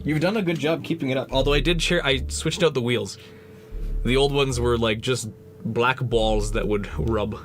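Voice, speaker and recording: A man's voice: medium pitch, normal speed. A man talking casually on a livestream while painting, joking and answering chat. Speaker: streamer and prop maker. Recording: music playing under the voice. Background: background music.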